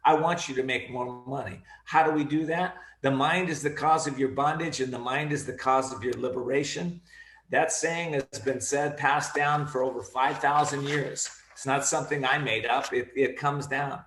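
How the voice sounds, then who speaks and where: A man giving an energetic, emphatic motivational talk on a video call, repeating his key phrases. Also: medium pitch, normal speed, reverberant, slight background noise. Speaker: guest speaker.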